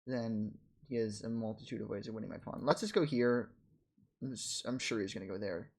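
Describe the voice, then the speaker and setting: Frustrated man narrating his chess game. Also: fairly low pitch. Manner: frustrated, self-critical, talks in quick bursts and trails off. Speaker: chess streamer reviewing his own game. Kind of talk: casual self-commentary over a chess game.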